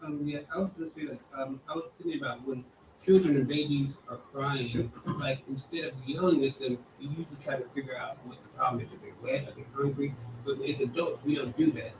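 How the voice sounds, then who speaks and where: A man's voice: mid-range voice, steady tone, brisk. A man shares his thoughts in a group discussion, earnest and restarting as he thinks aloud. His voice sits in the middle range. He is picked up from a distance in a roomy space with a faint hiss behind. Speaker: group participant. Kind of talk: casual discussion.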